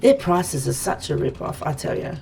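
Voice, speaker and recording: Australian woman, 40s, game streamer; low, strongly gravelly voice, chatty and rambling. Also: big pitch swings, normal speed, background noise. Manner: chatty and rambling, talking to viewers while playing. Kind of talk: casual let's-play chat.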